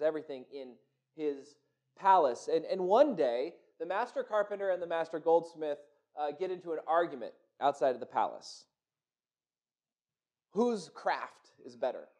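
A man tells a folk tale aloud in a high, animated voice. He often doubles back on words as he builds the story. His telling feels spontaneous rather than scripted. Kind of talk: oral storytelling.

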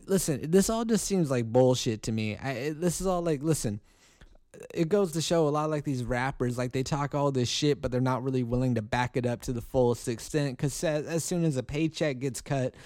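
A man's voice: mid-range voice, darkish tone, dry recording. A man hosting a solo podcast, ranting in a heated, profane way with many restarts, and he says he is angry. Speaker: podcast host.

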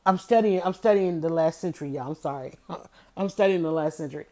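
A woman's voice: low-pitched, brisk, a little mellow. A middle-aged woman hosting a podcast, talking in an emphatic, repetitive style and calling her listeners y'all. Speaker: podcast host. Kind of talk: motivational podcast monologue.

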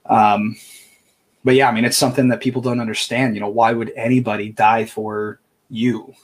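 A man co-hosting a podcast, talking through a Bible passage in a casual, halting way with many restarts. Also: medium pitch, flat delivery, slightly rough. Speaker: podcast co-host. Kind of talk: casual faith discussion.

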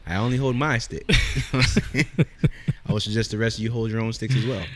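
A man's voice: medium pitch, steady tone, fast, slight background noise. A man co-hosting a casual podcast who jokes and teases and laughs in the middle of his sentences. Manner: joking, teasing, laughs mid-sentence. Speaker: podcast co-host.

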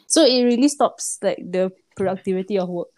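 A young woman with a Singaporean accent talks through her work frustrations in a chatty, meandering way. Her pitch is ordinary for a woman, and she fills her sentences with "like". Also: fairly quick, darkish tone, a little hiss or hum. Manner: chatty, frustrated venting with many "like"s. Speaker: office worker guest. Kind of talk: casual podcast chat.

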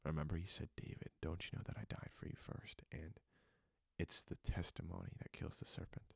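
Deep, creaky, and slightly breathy, a young podcast host's voice stays level and brisk as he relates his personal testimony on his own, in studio quality with no echo. He's earnest and emotional, uses plenty of fillers, and turns reflective after opening with jokes.

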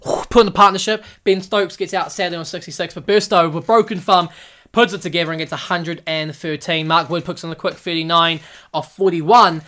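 Excitable, profane man recapping cricket. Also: fairly high pitch, brisk. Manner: excitable and profane, acts out players in mock voices. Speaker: podcast host.

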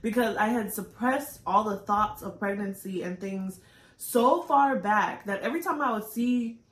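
A woman's voice: mid-range voice, unhurried, echoey room. A woman co-hosting a podcast, speaking candidly and tearfully, searching for words with frequent restarts. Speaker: podcast co-host. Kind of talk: candid emotional podcast talk.

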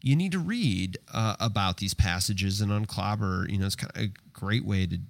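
A man's voice: lowish voice, moderate pace, gravelly, dry recording. A man hosting a podcast, asking his guest questions in a thoughtful, conversational way. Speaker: podcast host. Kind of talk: casual interview talk.

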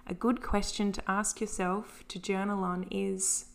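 A woman hosting her own podcast, with an easy, encouraging way of talking. Her voice has a gravelly, fry-edged texture, and her pitch sits in the middle for a woman. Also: flat delivery, measured pace, hardly any pauses. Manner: gentle, encouraging, earnest. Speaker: podcast host. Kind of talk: solo podcast talk on anxiety and self-care.

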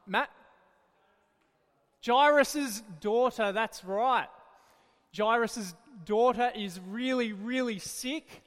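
A man leading a children's Bible talk in church, lively and encouraging as he tells the stories. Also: sits high, big-room sound.

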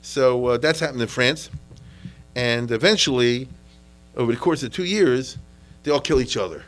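A man's voice: mid-range voice, moderate pace, fairly bright tone, rough recording. A man giving an informal history lecture, conversational and often checking in with listeners, mixing in Yiddish and Hebrew terms.

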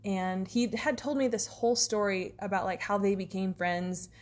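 A woman's voice: mid-range voice, normal speed. A woman co-hosting a podcast, telling stories in casual chat with lots of fillers and restarts. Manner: rambling storyteller, many fillers. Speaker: podcast co-host.

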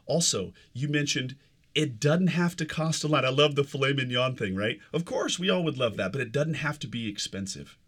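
Husky guy hosting a podcast, warm affirming tone, kinda drawls his phrases. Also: medium pitch, expressive. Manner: enthusiastic, affirming, drawn-out phrasing. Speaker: podcast host. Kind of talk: casual podcast conversation.

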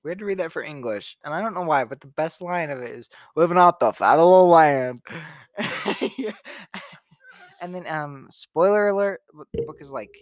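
A man's voice: a little high, expressive, moderate pace, no room sound, clean studio sound. A teenage boy chatting casually on a vlog, giggling and rambling between goofy impressions. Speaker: vlog co-host.

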